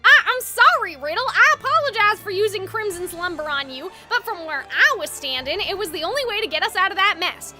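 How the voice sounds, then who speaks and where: Gentle sleepy freshman boy, soft-spoken and hesitant, woman voicing. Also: sits high, animated, normal speed, few pauses, over music, pitched below the performer's own voice. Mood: tired soft.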